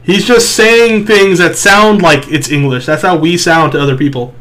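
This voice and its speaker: Young man, fairly high voice, casual chat, laughs a lot and swears freely. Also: moderate pace, fairly bright tone. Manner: laughing often, swearing, acting out quoted people.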